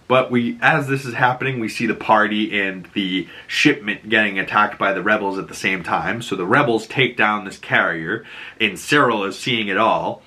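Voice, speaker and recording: A man hosting a series breakdown channel, casually recapping episodes with excited, profane, acted-out retellings. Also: lowish voice.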